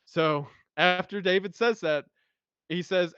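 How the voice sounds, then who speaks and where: A man's voice: a little high, animated, normal speed, a bit bright, no room sound, muffled recording. A man hosting a podcast, talking in a casual, heartfelt way and reading scripture aloud with feeling. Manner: emotional, enthusiastic, reads scripture aloud with feeling. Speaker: podcast host.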